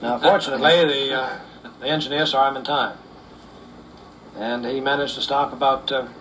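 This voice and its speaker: A man telling folksy humorous stories in an unhurried way, with frequent "uh"s. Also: mid-range voice, fairly even intonation, fairly bright tone, distant mic, slight background noise, poor audio. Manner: unhurried, with fillers. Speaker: storyteller.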